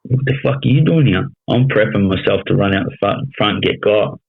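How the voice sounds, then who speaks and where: A man's voice: on the low side, brisk, creaky, slightly rough. Swearing Australian man with a tinny sound. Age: 30s. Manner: blunt, heavy swearing, frequent "you know what I mean". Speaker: podcast guest. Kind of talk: casual storytelling interview.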